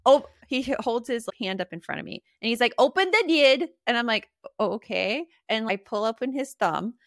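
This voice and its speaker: A middle-aged woman co-hosting a podcast, telling lively family stories and acting out the voices of the people in them. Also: a little high, a little fast, no room sound, studio quality. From Arizona, US. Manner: animated storyteller, acts out quotes. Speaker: podcast co-host. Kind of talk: casual chat.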